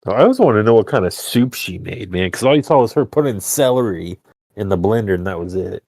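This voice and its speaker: A man's voice: lowish voice, expressive, a little fast, darkish tone, no echo. A man co-hosting a casual podcast, talking in an easygoing way that trails off and hedges often. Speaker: podcast co-host. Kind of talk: casual chat.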